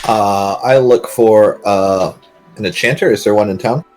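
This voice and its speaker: Give me a man playing a tabletop game, brief and matter-of-fact. His voice sits lower than most men's. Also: measured pace, darkish tone, faint music behind. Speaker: player.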